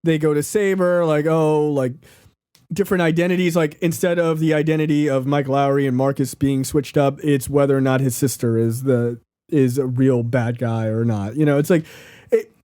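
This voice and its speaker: Male podcast co-host, fairly high voice, crude and animated riffing, dry close mic. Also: smooth, no echo. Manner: profane, animated, acts out scenes in quick impressions. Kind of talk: casual movie-review banter.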